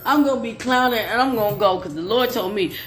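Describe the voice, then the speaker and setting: A woman's voice: fairly high pitch, fast talker, faint music behind. A woman hosting a casual live stream, playful and joking, laughing often between lines.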